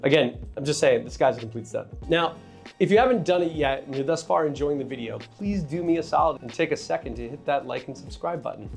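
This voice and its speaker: This trader, host of his own finance channel, talks markets casually to the camera in a slightly high, expressive, gravelly voice at a brisk clip. He tosses in frank, jokey remarks for his viewers over soft background music.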